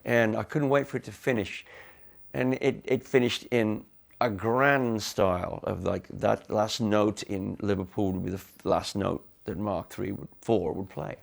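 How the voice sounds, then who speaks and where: Gravelly-voiced man, candid. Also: fairly low pitch, fairly even intonation. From Cannock, England. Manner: candid, halting with restarts. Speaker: interviewee, musician. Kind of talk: confessional documentary interview.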